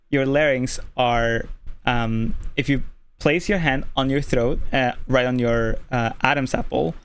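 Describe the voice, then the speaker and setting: A streamer from Norway with a male-sounding voice, casually explaining voice tips at a desk mic, keeping the voice relaxed and filling pauses with "like". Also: mid-range voice, clear, resonant tone. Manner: relaxed, deliberately easy on the voice, lots of "like" fillers. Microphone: desk microphone.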